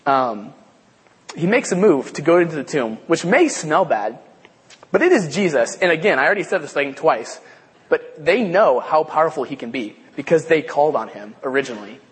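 A man giving a casual Bible lesson, halting and repeating himself with many fillers. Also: a little high, expressive, slightly rough. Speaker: Bible study teacher. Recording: long hall reverb.

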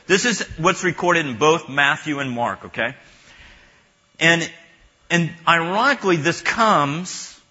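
Male pastor, casual sermon, halting and joking, bright husky voice, dull low-fi capture. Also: lively intonation. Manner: halting and chatty, joking with the audience. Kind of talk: conversational sermon. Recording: muffled lo-fi recording.

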